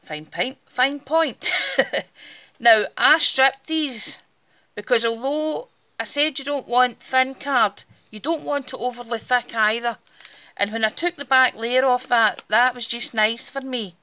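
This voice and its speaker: A woman's voice: fairly high pitch, fairly even intonation, unhurried, sharp tone. A woman with a Scottish Borders accent, chatting casually through a step-by-step craft demonstration while she works with her hands. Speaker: craft tutorial host.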